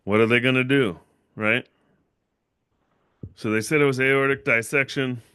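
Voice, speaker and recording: A man's voice: mid-range voice, steady tone, unhurried, bright, forceful tone, clean tone, no room sound, studio quality. A young man hosting his own livestream, telling a long personal story in a rambling, casual way and tagging his sentences with "right?". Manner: rambling, repeats himself, fillers like "right?". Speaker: channel owner and livestream host.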